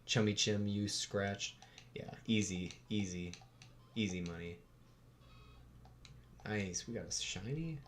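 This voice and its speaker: A man's voice: on the low side, takes it slowly, long pauses, a little hiss or hum. A young man from the United States with a Western American accent, chatting casually and swearing while hosting a livestream. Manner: laid-back, swears casually, chuckles often. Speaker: livestream host.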